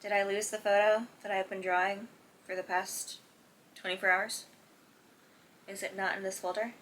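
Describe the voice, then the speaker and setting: A woman's voice: mid-range voice, little pitch movement, moderate pace, a bit bright, a little hiss or hum. A woman chatting casually about a sitcom while drawing at home, as host of a reaction video.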